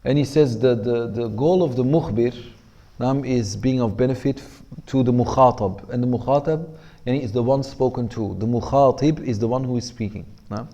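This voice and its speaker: Mellow-voiced male teacher lecturing. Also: mid-range voice. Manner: explains in English, reading Arabic passages aloud quickly; relaxed, jokes with students. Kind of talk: classroom lecture on Arabic rhetoric. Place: class with students present.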